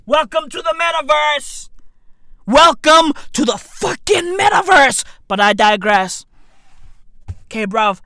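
A young man with a South African accent, delivering a profane comedic rant that swings into frequent shouting and laughter. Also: very high voice, dry recording, clean studio sound. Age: young adult. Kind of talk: ranting comedic monologue.

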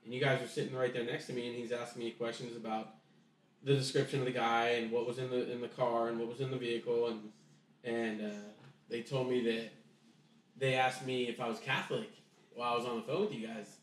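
A man's voice: mid-range voice, flat delivery, brisk, slight background noise. Man telling a story from across an echoey room. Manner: rambling, with many restarts and reenacted dialogue. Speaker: podcast guest telling a story. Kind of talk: casual storytelling chat. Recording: echoey room, voice distant from mic.

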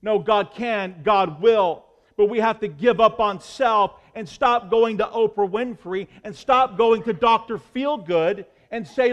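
Male pastor, high voice, impassioned sermon delivery, long hall echo. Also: unhurried, highs cut off. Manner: impassioned preaching, swinging between loud and hushed.

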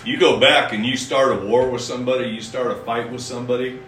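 Male pastor, folksy sermon delivery, bright tone, miked from a distance in a reverberant room. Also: mid-range voice, fairly even intonation, a little hiss or hum. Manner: folksy, reads scripture slowly and emphatically.

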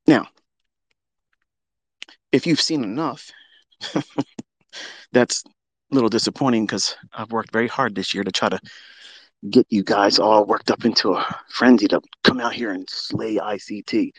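A man ranting brashly on a trading livestream, boastful and profane, jumping from loud outbursts down to low muttering. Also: unhurried, pauses often, breathy edge.

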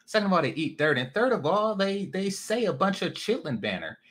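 Blunt, bright-voiced male stream host. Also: high-pitched, sing-song, brisk. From California. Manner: blunt, profane, rambling rants. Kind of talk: casual livestream commentary.

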